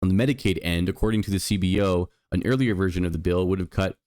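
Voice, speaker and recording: A man's voice: low-pitched, fast, a little mellow. A man hosting a political commentary show, speaking with indignant emphasis and reading out statistics. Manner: indignant, emphatic, reads out figures. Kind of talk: opinion commentary.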